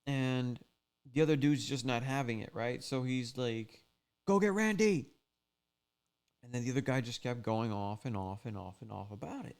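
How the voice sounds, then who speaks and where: A man's voice: mid-range voice, fairly even intonation, normal speed, gravelly, darkish tone, clean tone. A man casually recapping a fishing trip story in a rambling, laid-back way, full of "like" and "you know". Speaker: fishing channel host.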